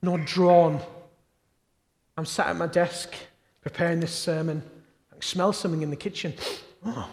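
A man's voice: on the high side, fairly even intonation, measured pace, pauses often, darkish tone. A man preaching a chatty sermon, telling jokey stories and asking the congregation rhetorical questions. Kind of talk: storytelling sermon. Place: church. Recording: long reverb of a church hall.

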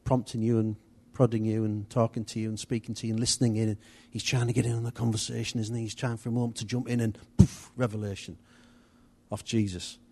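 A man's voice: fairly low pitch, flat delivery, fast talker, darkish tone, breathy edge. A man giving an informal, chatty church teaching, rambling a little with restarts and asides. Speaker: church leader.

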